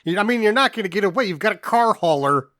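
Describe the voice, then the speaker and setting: A man's voice: high voice, animated, fast talker, fairly bright tone, no room sound. A man co-hosting a podcast, adding movie trivia and dry wisecracks in casual chat. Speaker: podcast co-host.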